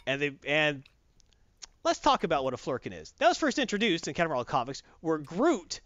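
A man chatting casually about a movie, acting out quotes in quick voices. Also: a little high, huge pitch swings, a bit bright, dry recording, highs cut off. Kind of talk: casual chat, movie review.

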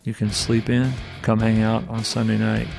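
A man gives a light, joking promo for his church in a put-on radio announcer manner. His voice is gravelly, and soft guitar music plays in the background. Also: lowish voice, completely flat delivery, normal speed. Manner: friendly, jokey radio-style delivery. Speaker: pastor.

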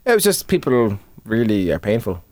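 A woman's voice: very deep voice, big pitch swings, normal speed, a little mellow, a little hiss or hum. A woman co-hosting a podcast, hungover and tired, chatting casually with sarcasm and swearing. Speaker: podcast co-host. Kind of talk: casual chat.

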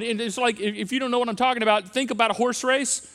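Middle-aged man, pastor, sermon, emphatic, repeats phrases, high voice, long church reverb. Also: fairly even intonation, fast talker, hardly any pauses, a bit bright. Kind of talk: sermon on parenting.

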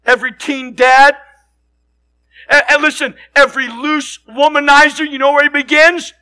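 A middle-aged man preaching a sermon, telling stories with passion and often shouting. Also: very high voice, little pitch movement, moderate pace. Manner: impassioned storytelling, frequently shouting.

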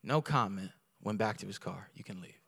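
A man preaching a sermon as a guest pastor, telling a personal story with lively voices and building to loud, fervent preaching. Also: fairly low pitch, moderate pace, vocal fry, slightly rough. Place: church sanctuary.

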